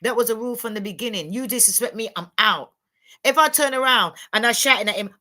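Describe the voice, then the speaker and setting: A woman's voice: a little high, animated, a little fast, pushed and bright. A woman, telling blunt, emphatic stories as a guest on a livestream panel. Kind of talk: candid livestream chat.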